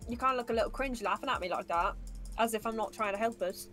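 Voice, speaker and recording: A woman's voice: on the high side, fast, bright, forceful tone, faint music behind. A woman co-playing a game with a friend, casually chatting in a dry, wisecracking way and swearing freely. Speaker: co-player. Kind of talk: casual gaming chat.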